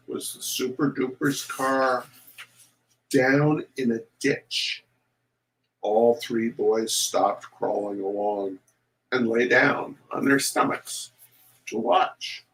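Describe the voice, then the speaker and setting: A man reading a children's story aloud to an audience, animated and showing pictures as he goes. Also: medium pitch, very slow, poor audio.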